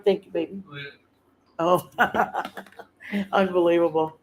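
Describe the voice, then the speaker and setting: A woman's voice: fairly low pitch, a little slow, pauses often, slight background noise, rough recording. A middle-aged woman hosting a livestream in casual chat, rambling earnestly and often stopping to search for the right words. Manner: earnest and heartfelt. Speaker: livestream host.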